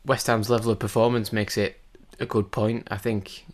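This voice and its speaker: A man's voice: on the low side, flat delivery, normal speed. A man chatting about football on a podcast, rambling and full of restarts. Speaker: podcast co-host. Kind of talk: casual football chat.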